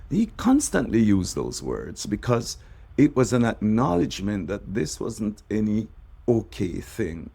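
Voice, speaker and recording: In a gravelly, slightly rough voice, a bishop delivers a devotional sermon. He draws out important words, and his phrases drop low and soft as they close.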